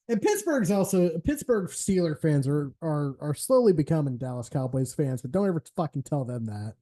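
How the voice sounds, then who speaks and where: A man's voice: fairly high pitch, sing-song, moderate pace, dark tone. A man hosting a live stream, chatting casually and rambling, swearing freely and laughing often. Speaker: streamer host.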